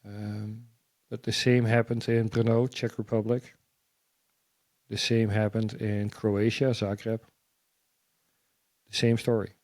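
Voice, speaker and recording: A man sharing a personal testimony as a guest, halting and repeating words as he tells his story. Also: on the low side, little pitch movement, a little mellow, no echo.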